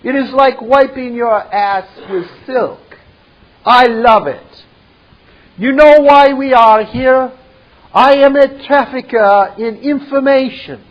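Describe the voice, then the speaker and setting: A man's voice: extremely high pitch, takes it slowly, highs cut off, voice pushed up. A man voicing a self-assured, pompous, sophisticated male program, with grand and theatrical delivery. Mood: smug.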